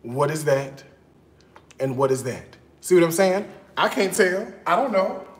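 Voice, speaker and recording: A man vlogging in his home kitchen, chatting in a sassy, animated way with speech. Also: a little high, a little slow, reverberant. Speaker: cooking vlogger. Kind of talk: casual chat.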